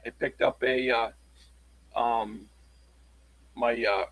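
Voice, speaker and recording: A man chatting casually on a livestream, showing his locksport tools in a halting, rambling way. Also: mid-range voice, steady tone, vocal fry, crowd noise, poor audio. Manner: halting, rambling show-and-tell.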